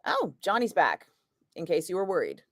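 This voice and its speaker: A woman's voice: lowish voice, wildly swooping pitch, moderate pace, fairly bright tone, no room sound, studio quality. A woman chatting casually on a livestream, reading viewer comments in a wry, chatty way that slips into swearing, tired from a migraine. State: battling a migraine. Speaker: radio host streaming live chat.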